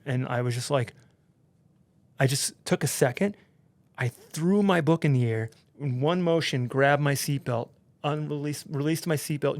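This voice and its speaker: A man, a podcast guest, telling a story in an animated, casual way, with lots of swearing and fillers. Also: medium pitch, dry recording. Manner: animated, profane, heavy use of "like".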